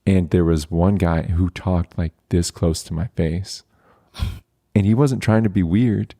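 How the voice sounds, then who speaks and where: A man hosting a podcast, talking in a relaxed, chatty way and laughing easily. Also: low-pitched, measured pace. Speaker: podcast host. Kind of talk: casual conversation.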